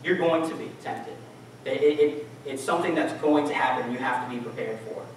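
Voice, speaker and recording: A man's voice: medium pitch, brisk, a little hiss or hum. A man preaching a casual, conversational sermon in a church, asking the congregation questions. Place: church hall. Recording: echoey church hall, mic from far off.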